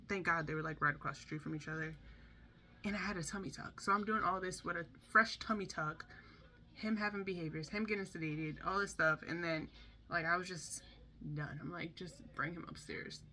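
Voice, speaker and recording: Over slight background noise, a young woman speaking low at a moderate pace chats openly about her son's hospital stay. Lively in her telling, she performs the voices of those she quotes.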